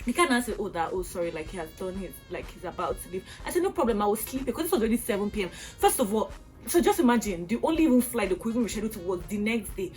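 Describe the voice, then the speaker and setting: A young Nigerian woman with a Nigerian accent, telling a storytime vlog in an animated, exasperated way with acted-out outbursts. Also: medium pitch, racing, faint music behind. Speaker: vlogger.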